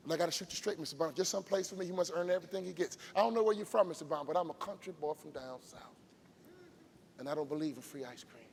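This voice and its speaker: A man playing a smooth-talking southern college coach with a low drawling voice. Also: quick pace. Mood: earnest. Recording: long hall reverb from live arena.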